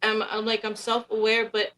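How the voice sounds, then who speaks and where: Woman, Bay Area accent, bright tone, slightly high pitch, earnest, casual podcast talk. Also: monotone, normal speed. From Oakland, Bay Area. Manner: earnest, self-explaining, frequent restarts.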